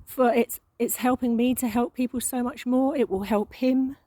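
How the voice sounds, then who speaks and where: A woman giving an emotional spiritual monologue, halting and repeating words, with frequent sighs. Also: fairly high pitch, steady tone, warm tone, slight background noise, poor audio. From England. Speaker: spiritual channel.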